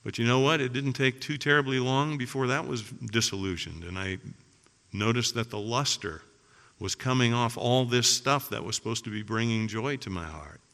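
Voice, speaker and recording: Male pastor, bright tone, earnest sermon delivery, reverberant church sound. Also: medium pitch, moderate pace. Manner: earnest preaching, builds emphasis with repetition. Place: church sanctuary. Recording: long hall reverb.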